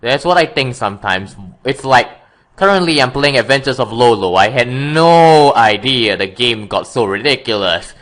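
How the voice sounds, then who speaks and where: A man's voice: mid-range voice, expressive, moderate pace, a bit bright. A man chatting casually as a guest, often correcting himself with wry remarks. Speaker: YouTuber guest. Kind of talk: casual chat.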